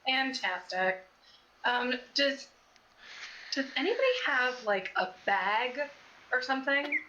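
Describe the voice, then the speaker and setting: A woman's voice: high-pitched, takes it slowly, sharp tone, dull audio, slight background noise. A woman playing a tabletop game, speaking hesitantly with many fillers. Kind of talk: casual play at a tabletop game.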